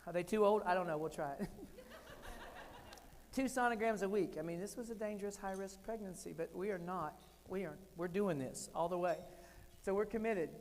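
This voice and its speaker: A man in his forties giving a keynote talk, telling comic, animated stories with sudden loud punchlines. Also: high voice, normal speed. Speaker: keynote speaker. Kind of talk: storytelling keynote speech. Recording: long hall reverb.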